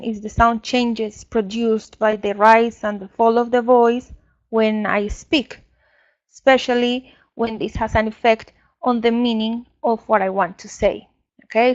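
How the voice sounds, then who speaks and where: Woman trainer, Spanish native, higher voice, slow and careful, dull lo-fi sound. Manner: slow, explanatory, with frequent fillers. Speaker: English teacher trainer. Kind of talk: online teacher training lecture.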